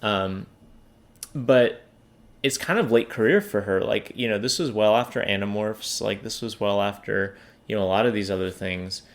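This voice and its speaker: Low, gravelly-voiced man chatting on a podcast. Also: moderate pace. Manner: hesitant, many fillers and restarts. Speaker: podcast co-host. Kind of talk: casual book podcast chat.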